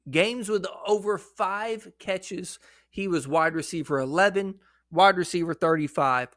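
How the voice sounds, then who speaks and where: A fast-swinging, excitable man with a fairly high voice and a slight shake in it, as if he has been hiccuping all day. He talks right at the viewer, blunt and cursing freely. The sound is dry and close, with no room around it. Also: no room sound. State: shaky voice after hours of hiccups. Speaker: fantasy football content creator. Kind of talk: casual fantasy football talk to camera.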